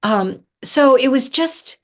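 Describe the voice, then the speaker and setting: A woman from southern Ohio, a guest on a podcast, telling stories in an animated, chatty way with many fillers. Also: sits high, slow. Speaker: herbalist guest. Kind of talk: casual storytelling interview.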